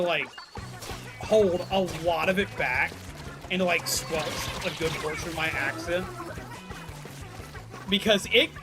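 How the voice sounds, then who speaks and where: A man from Alabama with a Southern accent, chatting casually as he streams a game and rambles through a story. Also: sits high. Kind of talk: casual chat while gaming. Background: game music.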